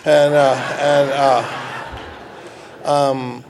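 A man's voice: on the high side, level tone, drawn-out words, darkish tone, slight background noise. A middle-aged man from Texas, giving a folksy, joking talk to a recovery group with many halts and restarts. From Dallas, Texas. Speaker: recovery meeting speaker.

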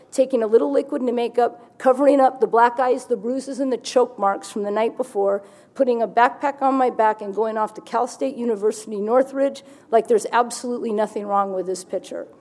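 A woman speaking to a recovery meeting, her voice fairly high yet mellow and warm. She tells her story frankly and vividly, slipping in wry humor as she goes. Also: brisk. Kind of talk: personal testimony to an audience.

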